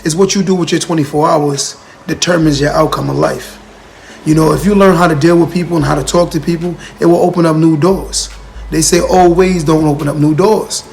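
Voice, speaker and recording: A man's voice: a little high, fairly even intonation, a little fast, gravelly, a little mellow, slight background noise. A man giving a casual motivational talk on a livestream, earnest and repetitive, talking straight to his viewers and answering their comments.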